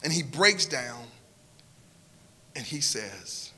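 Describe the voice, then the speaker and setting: A man with a Southern US accent telling a personal story to an audience in an earnest way, often repeating and restarting phrases, moving between hushed and loud. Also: medium pitch, very animated, takes it slowly, slightly rough, long reverb tail. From Southern United States.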